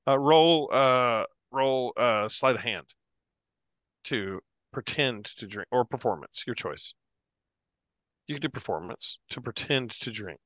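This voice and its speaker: A man running a tabletop game as game master, narrating at a slow, easy pace. His voice is bright and lively in pitch, recorded close and dry. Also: no echo.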